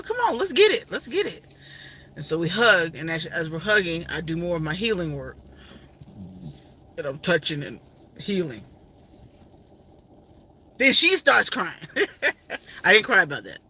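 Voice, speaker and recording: A middle-aged woman vlogger speaks with a fairly low, bright, forceful voice. Her personal storytelling is emotional and full of faith, and she repeats herself often.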